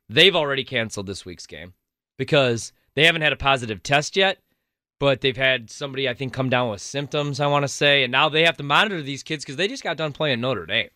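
A man's voice: medium pitch, pushed and bright, dry recording. A man co-hosting a sports radio talk show, rambling and stammering through restarts, with dry sarcastic jokes. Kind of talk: casual sports radio banter.

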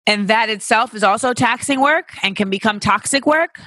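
A podcast host talks loosely and frankly, swearing freely and drifting into playful tangents. The voice is sharp and bright. It sits close and dry on the mic, with no room sound. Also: medium pitch, normal speed, no echo. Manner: candid and profane, riffing with playful tangents. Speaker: podcast host answering listener questions. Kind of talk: casual reflective chat.

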